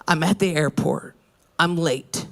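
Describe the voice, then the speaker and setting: A woman in her thirties doing a brash, profane stand-up set on a club stage, swinging her pitch wildly when she quotes people. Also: a little slow. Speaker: stand-up comedian. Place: comedy club stage before a laughing audience. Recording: live room with loud crowd laughter.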